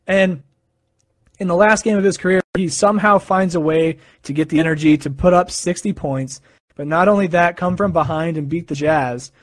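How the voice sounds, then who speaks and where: A man's voice: fairly high pitch, fairly even intonation, moderate pace, dry recording. Chatty young man rambling about sports. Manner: rambling, chatty, with fillers and self-corrections. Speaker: live stream host. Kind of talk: casual sports chat.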